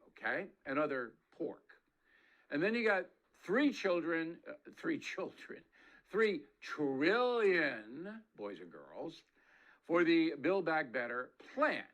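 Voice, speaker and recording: Man, commentator, blunt, folksy, animated pitch. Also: slow, dull audio. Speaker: political commentator in played clip. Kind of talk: cable news commentary.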